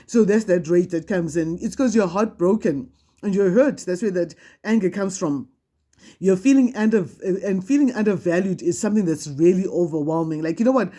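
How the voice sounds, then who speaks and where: A woman with a dark, mellow tone reads spiritual tarot cards for her viewers. She talks conversationally and with emphasis, restarting phrases and repeating her points. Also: fairly low pitch, expressive, normal speed. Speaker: tarot card reader. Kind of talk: spiritual card reading to camera.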